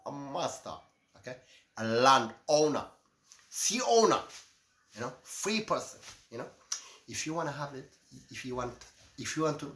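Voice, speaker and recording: A middle-aged man from Eritrea, delivering a passionate, ranting monologue that swings between loud outbursts and low asides, often repeating "my friend". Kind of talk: impassioned monologue. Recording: echoey room with faint ambience.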